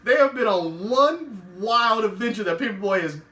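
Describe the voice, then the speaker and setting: A man with a high, bright voice chats animatedly through a TV episode recap, chuckling as he goes. He sounds roomy and set back from the mic. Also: moderate pace, far from the mic. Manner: animated, laughs often, acts out quotes. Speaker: podcast host.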